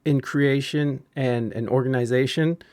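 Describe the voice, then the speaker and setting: A man hosting a casual podcast chat, talking in halting bursts with many restarts and fillers. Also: mid-range voice, fairly even intonation, darkish tone, dry recording. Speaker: podcast host.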